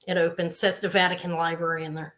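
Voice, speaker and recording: Bright-voiced chatty woman selling jewelry. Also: lowish voice, little pitch movement, fast. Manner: chatty, rambling, with frequent asides. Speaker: host selling jewelry live. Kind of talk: live sales stream chat.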